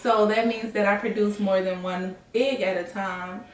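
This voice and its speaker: A woman's voice: medium pitch, fairly even intonation, moderate pace. A woman chatting casually in a vlog, laughing along as she talks. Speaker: vlogger, mother of twins. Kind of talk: casual chat. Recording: echoey room, mic at a distance.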